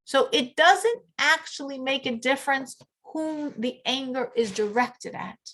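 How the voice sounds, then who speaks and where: Teacher, woman, middle-aged; high, bright voice; animated, laughs often. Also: unhurried, a little hiss or hum. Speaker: teacher of a women's class. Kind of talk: lecture with group discussion.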